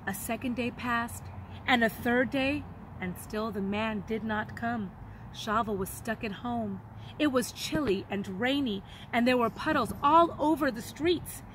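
A woman teacher reading a children's story aloud in an expressive, dramatic way. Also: fairly high pitch, a little slow, a little hiss or hum, rough recording.

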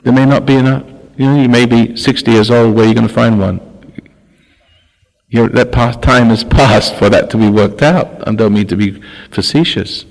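A man's voice: medium pitch, moderate pace, gravelly. An older man giving a spiritual talk, often stopping, restarting and repeating words. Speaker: spiritual teacher. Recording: long hall reverb.

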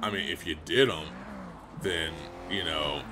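A man's voice: deep voice, a little slow, background noise. A man commentating a video game as he plays, bantering in a profane, playfully exasperated way. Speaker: gameplay commentator. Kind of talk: let's play banter.

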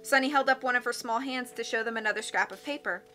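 A woman reading a children's novel aloud in steady storybook narration. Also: fairly high pitch, quick pace, soft background music. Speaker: audiobook reader.

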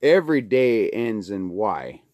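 A middle-aged man who grew up in Alaska, vlogging from his kitchen by the wood stove, swearing constantly in a loud, angry rant. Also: fairly low pitch, sing-song, unhurried, dry recording, lo-fi sound. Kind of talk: casual ranting monologue.

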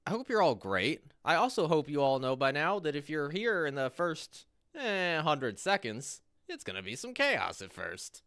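A man's voice: fairly high pitch, very animated, normal speed, hardly any pauses, fairly bright tone, no echo, clean studio sound. A man live-streaming a game, cheerfully greeting viewers in chat by name while fiddling with his setup.

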